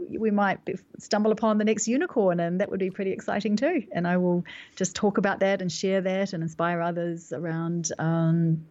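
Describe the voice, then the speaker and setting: A woman's voice: deep voice, a little mellow, no room sound, lo-fi sound. A New Zealand woman in her forties, a business consultant recounting her career in an interview, self-assured and reflective, with frequent fillers. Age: 40s. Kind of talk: interview storytelling.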